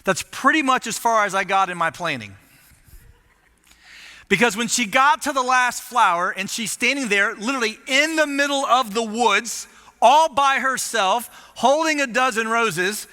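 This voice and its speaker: A lead pastor tells a story from the pulpit in an animated, self-mocking way. His voice sits high and very bright, with real force behind it. The sound carries the long reverb of a church auditorium. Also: measured pace. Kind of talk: storytelling sermon.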